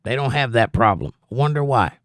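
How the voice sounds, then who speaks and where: A Southern US man hosts a casual livestream, reading out chat messages and answering them with blunt, preachy opinions. His voice sits at an ordinary middle pitch and sounds close and dry, with no room echo. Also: animated, moderate pace, a bit bright.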